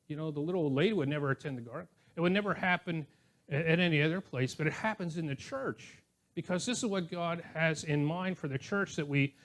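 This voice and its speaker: An older man preaching a sermon as pastor, conversational and anecdotal, with chuckling asides. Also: fairly high pitch. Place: church.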